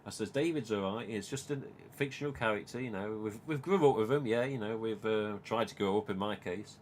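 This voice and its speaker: Slight background noise accompanies an English host in his forties whose voice is on the low side and a little fast. He's animated during his casual live-stream chat, cursing often and repeating things he himself said.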